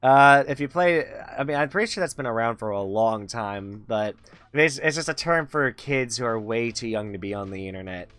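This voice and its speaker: A man's voice: medium pitch, normal speed, a bit bright, clean tone. A young man hosting a talk show, speaking casually and in a loose, rambling way. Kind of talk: casual chat.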